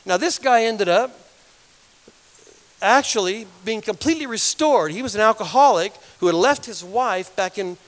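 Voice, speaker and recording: A male guest speaker telling a story in a church sermon, rambling, repeating words and growing animated as he goes. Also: sits high, normal speed. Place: church hall. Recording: long hall reverb.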